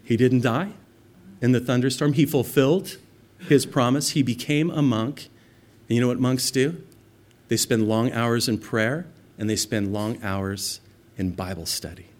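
A man preaching a sermon in a mid-pitched voice. He reads scripture with rising force and falls to a hushed, earnest tone for personal appeals. His talk is conversational between the swells. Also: a little slow. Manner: expressive preaching, rising loud on scripture, dropping soft for intimate points. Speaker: pastor.

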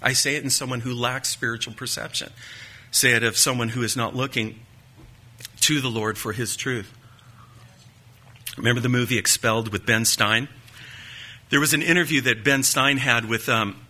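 A man preaching with a sharp, forceful tone and a slightly husky edge. He teaches in a measured, emphatic sermon style, often asking the congregation rhetorical questions and dropping in folksy asides. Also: medium pitch. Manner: folksy asides and light joking.

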